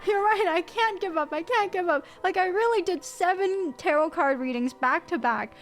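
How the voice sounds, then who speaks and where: A woman streamer in casual live-stream chat, excitable and swearing freely. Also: extremely high pitch, moderate pace, faint music behind.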